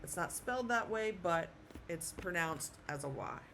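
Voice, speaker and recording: A woman giving an online language lesson, slowly spelling out letters and repeating each sound patiently. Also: on the low side, animated, a bit bright, slight background noise. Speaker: Spanish teacher.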